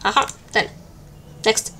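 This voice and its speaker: A woman's voice: slow, sharp tone, slight background noise. A woman streaming a game with casual, joking commentary and flustered muttering. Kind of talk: casual let's-play commentary.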